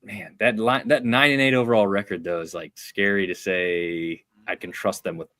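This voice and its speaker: A man's voice: fairly low pitch, normal speed, no echo, studio quality. A man co-hosting a casual sports talk show, weighing a team's chances with hedges and trailing asides. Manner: lively, hedging, trails off softly. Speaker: podcast co-host.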